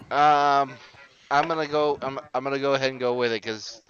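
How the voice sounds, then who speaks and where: A man playing a tabletop game, talking in a hesitant, halting way. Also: medium pitch, smooth, highs cut off. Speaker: player. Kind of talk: tabletop role-play.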